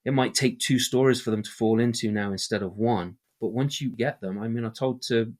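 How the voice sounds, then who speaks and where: A man who tells stories for a living, speaking in a casual podcast interview, animated and often tagging his points with "right?". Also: mid-range voice, fairly quick. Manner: animated, peppers speech with "right?". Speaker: storyteller.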